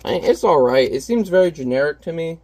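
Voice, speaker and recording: Brief: candid, rambling man, a parent, talking through a painting session, voice a bit high for a man. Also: expressive, fairly quick, darkish tone. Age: adult parent. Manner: rambling, candid, self-deprecating. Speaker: artist painting on camera. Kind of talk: casual chat while painting.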